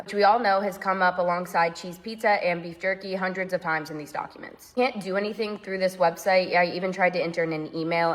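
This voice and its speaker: A woman's voice: on the low side, big-room sound. A woman commentating and reading emails aloud, incredulous.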